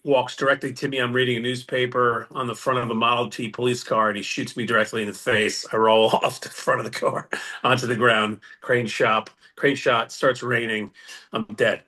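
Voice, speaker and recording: A man telling stories on a podcast, loose and rambling, often breaking into laughter. His voice sits at an everyday middle pitch. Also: bright, forceful tone. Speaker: guest. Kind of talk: casual storytelling.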